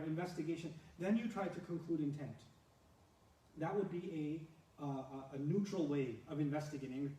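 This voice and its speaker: A man with a high, mellow voice teaches a scripture lesson, animated and quick to laugh as he acts out the story. He sounds a little distant from the mic in an echoey room. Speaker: religious lecturer.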